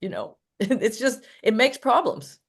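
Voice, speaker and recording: A woman's voice: a little high, sing-song, measured pace. An older woman, a dog trainer, chatting casually in an interview and telling rambling anecdotes with frequent laughs.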